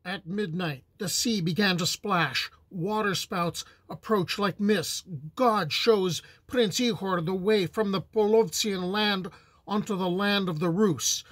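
A man reading a medieval epic aloud in a solemn, measured narration. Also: high-pitched, no room sound. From United States. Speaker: storyteller.

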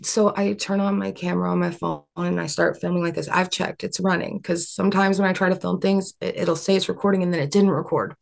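A woman's voice: lowish voice, steady tone, a little fast, vocal fry, hardly any pauses, a little mellow. A young adult woman as an interview guest, telling a long story in an earnest, rambling way with many fillers and restarts.

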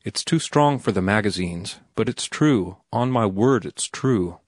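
A man's voice: lowish voice, animated, a little slow, no echo, clean studio sound. A man voicing an earnest, headstrong young male writer in an audiobook, blunt and insistent. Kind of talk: audiobook character reading.

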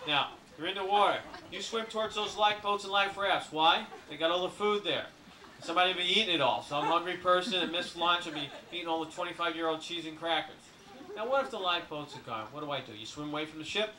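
A man runs a cruise briefing as a comedy routine, slipping deadpan jokes between the rules. His voice is high and bright. It was caught from a distance on a camcorder in an echoey room. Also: quick pace, slight background noise. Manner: jokey deadpan patter with asides. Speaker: cruise ship entertainer giving a briefing. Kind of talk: comic cruise briefing to an audience. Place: ship lounge.

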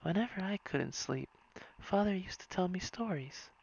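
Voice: animated, moderate pace, vocal fry, darkish tone, husky. A reader putting on a bubbly princess girl, whispered role-play. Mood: storytelling. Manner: eager, high and bouncy. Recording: dull lo-fi recording.

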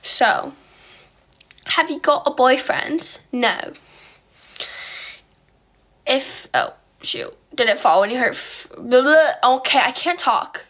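A woman's voice: sits high, expressive, takes it slowly, long pauses, fairly bright tone. A young woman from Poland chatting on a phone live stream, answering viewer comments in a valley-girl way of talking and often stuttering. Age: young adult.

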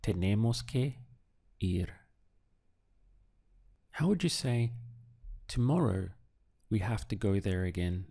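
A man in a recorded lesson, patient and deliberate, pausing for the learner to answer. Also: fairly low pitch, animated, vocal fry, warm tone. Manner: slow, patient drills with pauses for the learner. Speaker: language teacher.

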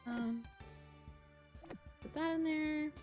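A young woman hosting a casual let's-play, chatting excitedly and gushing as she plays. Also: high voice, very slow. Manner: bubbly, excitable, gasps and gushes often. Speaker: gaming channel host. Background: faint game music.

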